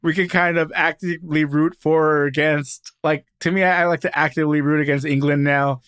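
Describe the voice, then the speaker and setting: A man's voice: a little high, steady tone, a little fast, a bit bright, clean tone, dry recording, studio quality. A man co-hosting a podcast in casual sports chat, enthusiastic and playful, often repeating words as he talks. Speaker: podcast co-host.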